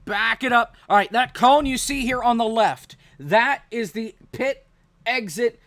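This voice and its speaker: High-voiced casual race commentator. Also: male voice, measured pace, fairly bright tone, no echo. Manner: casual and rambling, with many restarts. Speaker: sim racing commentator. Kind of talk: live stream race commentary.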